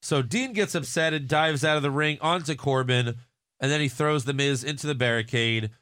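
A man's voice: mid-range voice, normal speed, fairly bright tone. A man hosting a casual podcast chat, recapping events with sarcastic, jokey asides. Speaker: podcast host recapping wrestling.

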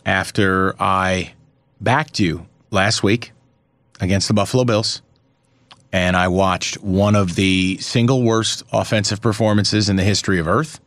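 Profane man in theatrical mock outrage. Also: no room sound. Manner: theatrical mock outrage, profane, pitch jumps up sharply when riled. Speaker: sports betting podcast co-host. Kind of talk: casual sports betting chat.

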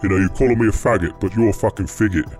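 A man's voice: fairly low pitch, racing, darkish tone, faint music behind, close to an everyday voice. A man voicing a foul-mouthed English gangster who swears and taunts a prank caller, putting on an English accent. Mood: aggressive. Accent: put-on English.

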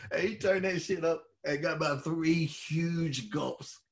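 A middle-aged man telling stories in casual chat, animated and swearing freely. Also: on the high side, unhurried, noisy background. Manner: animated storyteller who swears freely and laughs at his own stories. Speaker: podcast co-host and former wrestler.

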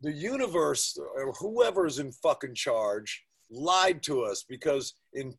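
A man in a casual podcast conversation, telling animated stories and swearing freely. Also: fairly high pitch, takes it slowly, breathy edge.

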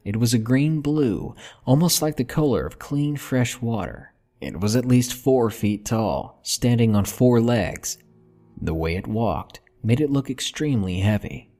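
A man narrating a horror story in a slow, measured, hushed way. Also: fairly low pitch.

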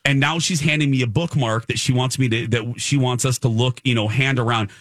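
A man hosting a radio talk show, telling a comic story in an animated, exasperated way with many restarts. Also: medium pitch, brisk, no room sound.

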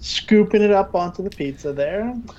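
A man's voice: sits high, expressive, moderate pace, a little mellow, highs cut off. A man playing a guest cook on a pretend cooking show, joking and rambling with lots of fillers. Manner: playful, rambling with many fillers. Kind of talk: improvised mock cooking show chat.

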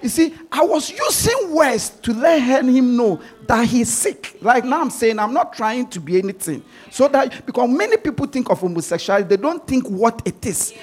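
Brief: husky male pastor, high and lively voice, emphatic sermon delivery. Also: moderate pace, few pauses. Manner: emphatic, repeats words while pressing a point.

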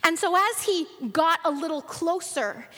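A woman's voice: extremely high pitch, lively intonation, unhurried, fairly bright tone, long reverb tail. A woman preaching a sermon and telling a story in an earnest way, acting out the voices of the people in it.

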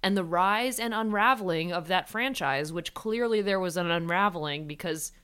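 Smooth-voiced animated woman podcast co-host. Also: on the low side, moderate pace. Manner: animated, enthusiastic. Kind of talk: casual sports chat.

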